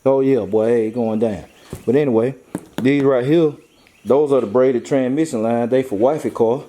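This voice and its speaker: A man's voice: mid-range voice, moderate pace, warm tone, slight background noise. A young man, talking casually to the camera about his car projects, laid-back and repetitive, full of slang and hype. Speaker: car vlogger. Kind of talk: casual vlog talk.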